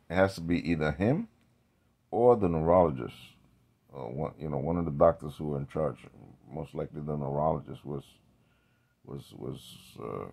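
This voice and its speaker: Male vlogger, very low gravelly voice, rambling talker who restarts often. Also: a little mellow. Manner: rambling, drifting into tangents with many restarts. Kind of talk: rambling casual monologue.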